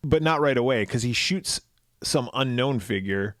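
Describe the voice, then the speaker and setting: Podcast guy recapping a movie, swears a lot, mid pitch, super dry close mic. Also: dry recording. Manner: swearing, animated retelling with quick voiced asides. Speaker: podcast co-host. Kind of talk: casual movie recap chat.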